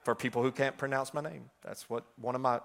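A middle-aged man preaching a sermon in a chatty style full of fillers, swinging between loud passages and hushed ones. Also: medium pitch, steady tone, a little fast, vocal fry.

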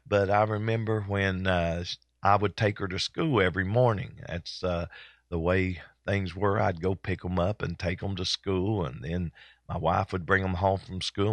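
An older man, hosting a church broadcast in a folksy, rambling way full of pauses and fillers. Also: low-pitched, no echo. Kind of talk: casual chat.

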